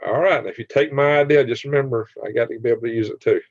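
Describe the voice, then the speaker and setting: A man's voice: medium pitch, fast talker, no echo. A man hosting a late-night livestream, joking, laughing often and reading chat comments aloud. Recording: dry, slightly dull sound.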